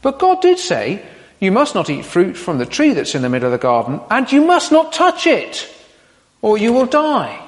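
A man's voice: sits high, huge pitch swings, moderate pace, in a large hall, pitched above the performer's own voice. A man doing an earnest, overstating woman. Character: anxious, confused first woman.

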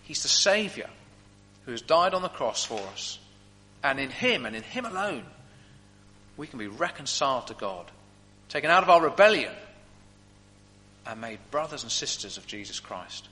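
A man preaching a sermon with animated storytelling, in a long hall reverb. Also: mid-range voice, moderate pace, long pauses, slight background noise. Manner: animated storytelling, vivid examples.

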